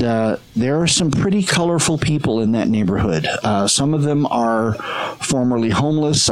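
A man's voice: medium pitch, low-quality recording. Earnest man telling a story. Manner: earnest, acts out quoted voices. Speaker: street portrait photographer, guest. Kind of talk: conversational storytelling.

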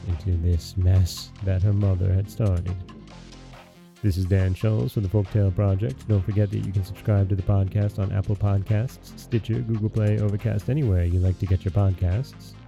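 Man reading a fairy tale, very dark voice. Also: fairly low pitch, fairly even intonation, normal speed, gravelly, soft background music. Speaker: podcast host and storyteller.

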